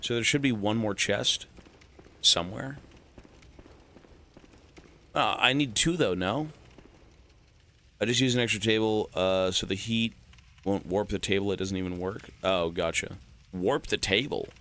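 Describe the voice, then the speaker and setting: A man's voice: on the low side, unhurried, pauses often, fairly bright tone. A man streaming a video game, chatting casually and joking with viewers, often swearing and rambling. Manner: joking, profane, rambling to chat. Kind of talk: casual gaming stream commentary.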